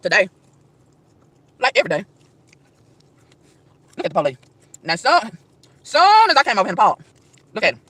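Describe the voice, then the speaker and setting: A woman's voice: mid-range voice, huge pitch swings, moderate pace, pauses often, fairly bright tone, no room sound. A woman outdoors in a park, delivering an emphatic, preachy rant to camera, firing rhetorical questions and tripping over repeated words. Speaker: vlogger.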